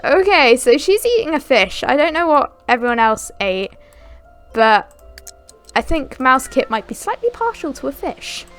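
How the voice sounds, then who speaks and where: A woman's voice: sits high, very animated, unhurried, a bit bright, clean tone, faint music behind. A young woman giving casual let's-play commentary, chatting and giggling as she talks to her game characters. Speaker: gaming channel host.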